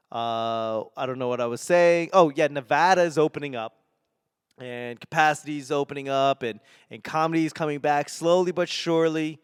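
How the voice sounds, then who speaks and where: 40s guy from boston, faint accent, rambly wry podcast talk, smooth clear voice, dry close sound. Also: medium pitch, dry recording. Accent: softened Boston. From Boston area, New England. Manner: rambling, self-mocking, wry asides. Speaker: podcast host and stand-up comedian. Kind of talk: solo casual podcast rambling.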